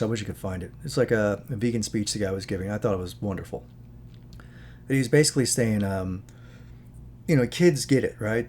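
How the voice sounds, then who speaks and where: Male host, casual moralizing commentary, mid pitch, rambling asides, slight background hum. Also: a little mellow. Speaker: channel host.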